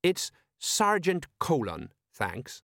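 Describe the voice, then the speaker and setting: A man voicing a cheerful, slow-witted middle-aged sergeant with homely, working-class talk. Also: a little high, wildly swooping pitch, gravelly, bright, forceful tone, no room sound, clean studio sound, pitched above the performer's own voice, heavily acted. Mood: chatty plodding.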